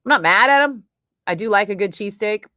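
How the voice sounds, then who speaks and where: A woman's voice: medium pitch, expressive, quick pace, bright, forceful tone, dry recording, studio quality. A woman radio host from Northern California chatting casually with her live chat, laughing often, swearing freely and rambling through asides. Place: radio studio.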